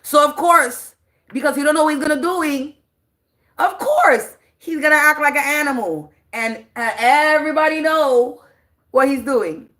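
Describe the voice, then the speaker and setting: A woman's voice: sits high, moderate pace, pushed and bright. A woman, a spiritual reader, ranting on a livestream in a blunt, profane and preachy way, drawing out words for emphasis. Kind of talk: livestream rant.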